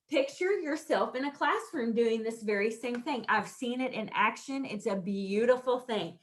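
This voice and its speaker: A woman in her thirties leads a training lesson with an upbeat, animated delivery. Her voice sits a little high, and she often slips into a sing-song tone to model how to praise children, laughing easily between points. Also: normal speed, few pauses. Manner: laughs often while explaining. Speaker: teacher trainer.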